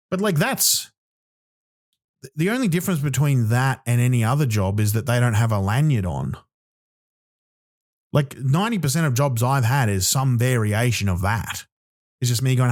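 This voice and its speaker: A man's voice: on the low side, lively intonation, a little fast, darkish tone. A young Australian man hosting a podcast, ranting in a loose comic monologue, swearing and acting out little voices as he goes. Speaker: podcast host.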